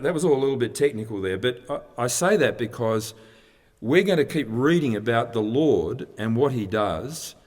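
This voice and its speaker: A man's voice: mid-range voice, darkish tone. A man preaching a sermon, explaining in a conversational way and often restarting his sentences. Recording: long reverb of a hall.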